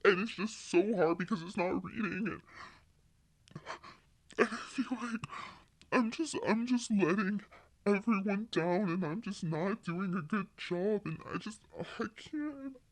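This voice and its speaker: A woman imitating a tearful, self-pitying drag queen contestant who talks in whiny, halting bursts. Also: medium pitch, no echo, close to an everyday voice. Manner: whiny, halting, full of fillers.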